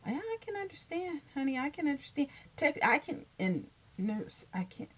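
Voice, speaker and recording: A woman's voice: sits high, sing-song, normal speed. A woman hosting a casual news vlog, reading headlines aloud and adding chatty asides to her viewers. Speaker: YouTube covid news host. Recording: dull lo-fi sound.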